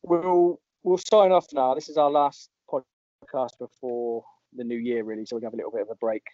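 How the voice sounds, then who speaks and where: Giggly podcast host, mellow and a touch high, on dry lo-fi audio. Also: male voice, steady tone, fairly quick, dry recording. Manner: laughing, chatty, reading out listener tweets. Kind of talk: casual chat.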